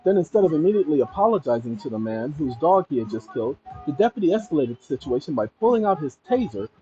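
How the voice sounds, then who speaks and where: A man with a high voice reads out a news story and breaks off to give his own take, stressing his points and turning to his viewers again and again. The recording sounds dull and lo-fi. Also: very animated, fast talker, warm tone, faint music behind. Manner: emphatic, addresses viewers directly. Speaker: commentary channel host. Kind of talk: reading news and reacting.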